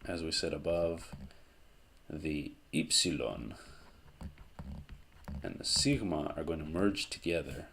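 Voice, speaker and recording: A man with a very low, gravelly voice teaches a grammar lesson. He explains step by step in an unhurried, methodical way, pausing to correct himself. Faint room noise sits behind him. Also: fairly bright tone. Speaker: language teacher.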